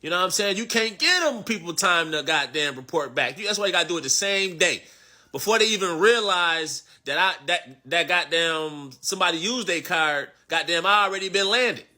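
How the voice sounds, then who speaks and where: A man's voice: high-pitched, animated, moderate pace, sharp tone. A man giving a boastful, slangy casual rant, repeating his catchphrases. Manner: swaggering, slangy, repeats "you know what I'm saying".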